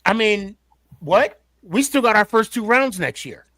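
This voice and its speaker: Bright-voiced man, halting podcast host. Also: high-pitched, expressive, no echo. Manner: halting, repeats words while building a point. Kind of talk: casual sports podcast chat.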